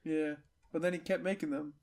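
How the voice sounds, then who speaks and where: A man co-hosting a podcast in casual chat, upbeat and quick to agree. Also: fairly high pitch, fairly even intonation, darkish tone. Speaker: podcast co-host.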